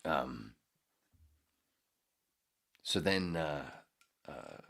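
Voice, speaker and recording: Deep-voiced older man rambling profanely. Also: animated, drawn-out words, gravelly, fairly bright tone. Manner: profane, meandering, loses his place. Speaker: podcast host. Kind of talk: rambling storytelling monologue.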